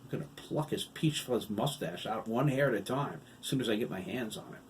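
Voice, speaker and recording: A man voicing an angry, sullen teenage farmhand who snaps and talks back loudly in an audiobook. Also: lowish voice, animated, brisk, a little hiss or hum, close to an everyday voice. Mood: vengeful. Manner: snappish, sarcastic and loud.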